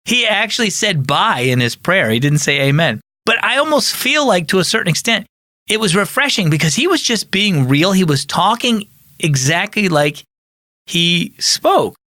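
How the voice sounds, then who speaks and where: A man's voice: high-pitched, sing-song, moderate pace, sharp tone, no room sound, studio quality. A man who is a pastor and podcast host, giving an earnest, conversational teaching talk.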